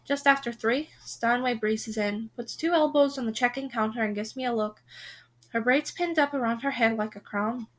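A woman reading a contemporary novel aloud in the first person, telling it with expression. Her voice is high and bright, with a clear, lively edge. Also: normal speed. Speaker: reader.

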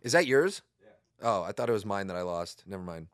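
A man's voice: on the low side, very animated, a little fast, dry recording. A man co-hosting a podcast in casual chat, making dry, understated remarks and telling a short story. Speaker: podcast co-host.

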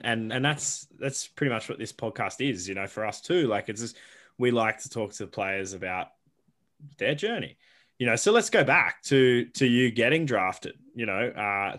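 A man's voice: mid-range voice, fairly bright tone. A man co-hosting a podcast, asking long enthusiastic questions in a casual way. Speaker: podcast co-host. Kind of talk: casual interview chat.

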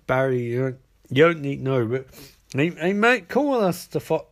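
A man's voice: mid-range voice, very animated, moderate pace. A stammering, sheepish male supervillain who rambles through his excuses, as a man puts him on. It stays close to the man's own plain voice. It is a comic retelling of a show. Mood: rambling.

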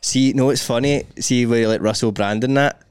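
A man's voice: medium pitch, fairly even intonation, normal speed, clean tone, no echo, clean studio sound. A young Scottish man co-hosting a podcast, chatting in a laid-back way and swearing, with "mate" in almost every line. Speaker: podcast co-host. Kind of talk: casual chat.

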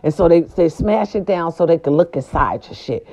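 A woman's voice: lowish voice, lively intonation, normal speed, a little mellow. A woman telling a story in a casual vlog, blunt and profane, talking straight to her viewers.

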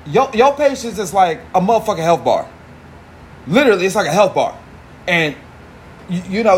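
A high-pitched man runs a solo podcast. He rambles and swears freely, heavy on slang. A faint hiss of noise sits under his voice. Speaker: podcast host. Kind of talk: casual monologue.

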